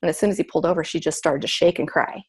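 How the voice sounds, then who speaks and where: A middle-aged woman tells a personal story in an easy, casual way. Her voice sits a little low and has a gravelly, husky grain. She often slips into quoting her own thoughts aloud. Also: very fast. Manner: animated, acts out her own inner voice. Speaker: guest.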